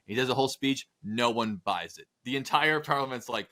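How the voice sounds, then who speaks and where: A man's voice: medium pitch, a little fast, few pauses, bright, forceful tone. A man co-hosting a casual history podcast, telling the story with jokey, profane asides and acted quotes. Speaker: podcast co-host.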